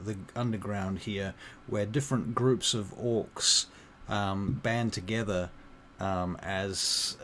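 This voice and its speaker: A man narrating as game master in a halting way, with many fillers and restarts. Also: on the low side, slight background noise.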